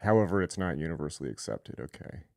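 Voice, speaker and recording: Low-voiced guy reading stuff out on a livestream, dry close sound, snarky little asides. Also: expressive, quick pace, gravelly, a little mellow, no room sound. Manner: reads aloud with asides, sarcastic and irreverent. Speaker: host. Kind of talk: live-streamed lecture reading and commenting on sources.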